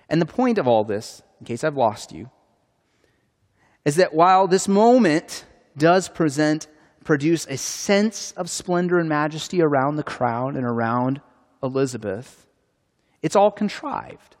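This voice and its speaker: A man's voice: a little high, expressive, measured pace. Man preaching in a reverberant hall. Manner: earnest, conversational preaching with restarts. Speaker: pastor. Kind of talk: sermon.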